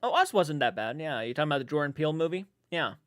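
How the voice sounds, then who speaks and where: A man's voice: on the high side, lively intonation, fast talker, a bit bright, no echo, studio quality. A man chatting casually on a live stream, reading viewers' comments aloud, rambling and swearing freely.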